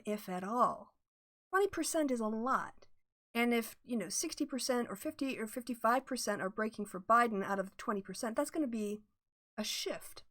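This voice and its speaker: Middle-aged female livestream host, slightly high voice, chatty and analytical. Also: a bit bright. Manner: chatty, analytical, greets viewers in chat. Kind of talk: casual political livestream chat.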